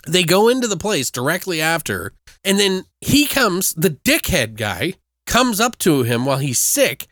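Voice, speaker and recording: A man recapping a movie in casual chat, animated and swearing, laughing as he goes. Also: high voice, measured pace, dry recording, studio quality. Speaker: podcast co-host.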